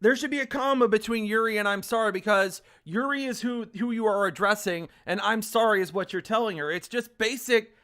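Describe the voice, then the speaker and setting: Playing a visual novel on a live stream, this woman reads the game's lines flatly and vents, with plenty of swearing, about its bad grammar. Her pitch sits in the middle, and she talks briskly with barely a pause.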